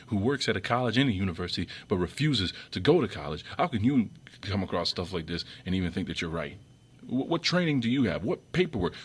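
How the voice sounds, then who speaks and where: A man giving an off-the-cuff commentary monologue, rambling with many restarts and repeated words, his voice often jumping up sharply when irritated. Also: breathy edge. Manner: irritated, sharp jumps up in pitch and loudness. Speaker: video commentator.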